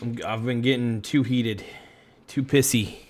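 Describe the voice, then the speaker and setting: Rambling male livestream host, mid-pitched. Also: steady tone, a little slow. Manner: rambling, self-reflective, trailing off with fillers. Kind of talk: casual late-night livestream chat.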